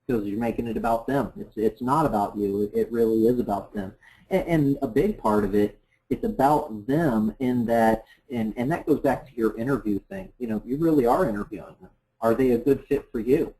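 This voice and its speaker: A man's voice: medium pitch, normal speed, warm tone, low-quality recording. A man co-hosting a sales training class, chatty and agreeable, adding his own examples. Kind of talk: conversational class discussion.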